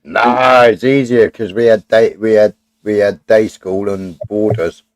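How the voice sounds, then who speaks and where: A man's voice: lowish voice, steady tone, a little slow, no echo. Rambling man telling a story. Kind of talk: casual storytelling.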